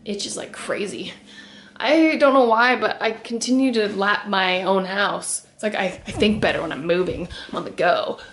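A woman's voice: medium pitch, moderate pace, fairly bright tone, slight background noise. A young woman chatting to her camera as she walks around her house, rambling and laughing often. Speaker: vlogger. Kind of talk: casual chat to camera. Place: at home, walking around the house.

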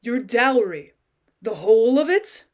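Woman reads a calm clerk cousin, questioning, animated pitch. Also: measured pace. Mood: concerned. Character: concerned male cousin, calm office clerk.

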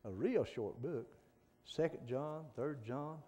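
A middle-aged man, preaching a folksy sermon that swings from soft pleading to loud fervent calls. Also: mid-range voice, takes it slowly. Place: church sanctuary. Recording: long church reverb.

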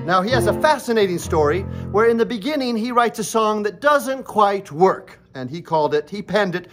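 High voiced guy hosting a goofy variety show, music playing behind. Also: big pitch swings, normal speed, a bit bright. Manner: mock-solemn presenter. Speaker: host.

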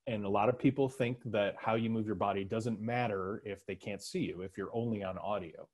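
A man's voice: lowish voice, fairly even intonation, fairly quick, darkish tone. A man presenting a webinar lesson on body movement in virtual meetings, in a conversational explaining tone. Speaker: communication trainer.

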